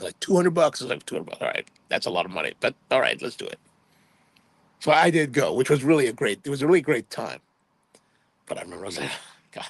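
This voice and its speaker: A man's voice: mid-range voice, gravelly, husky, no room sound. A man in his fifties from Hawaii, hosting a livestream and telling rambling, chatty anecdotes in which he quotes himself playfully. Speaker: livestream host. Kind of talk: casual livestream storytelling.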